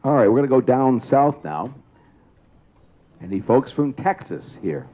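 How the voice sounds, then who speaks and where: At an outdoor trolley museum event, a man provides PA commentary for a trolley parade, explaining what's happening and asking the crowd questions. He speaks a little slowly at medium pitch with big pitch swings and a mellow tone, and the highs are cut off.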